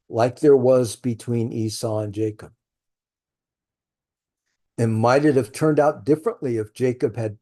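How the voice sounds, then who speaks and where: Very dark-voiced musing male Bible teacher. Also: mid-range voice. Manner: musing, thinks aloud with rhetorical questions.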